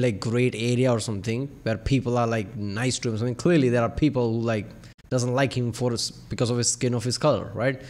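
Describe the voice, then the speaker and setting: A man's voice: mid-range voice, darkish tone. A man in a casual chat who breaks in with skeptical, speculative questions, full of "like" and "right?". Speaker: podcast co-host.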